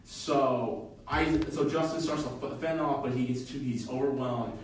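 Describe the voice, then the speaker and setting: A man casually retelling a fan fiction story on a podcast, halting and full of fillers. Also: mid-range voice, steady tone, a little hiss or hum. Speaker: podcast co-host. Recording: echoey room, from far off.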